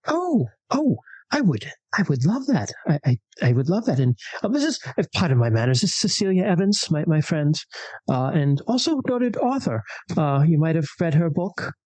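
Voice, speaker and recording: A player voicing a flustered, polite young woman artist who stammers gratefully and excitably. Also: medium pitch, moderate pace, no echo.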